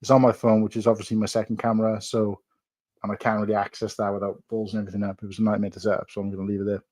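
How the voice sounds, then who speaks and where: A man's voice: fairly low pitch, flat delivery, very fast, a little mellow. A man hosting a casual live stream from home, chatting and reading viewer messages aloud. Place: at home, building on the sofa.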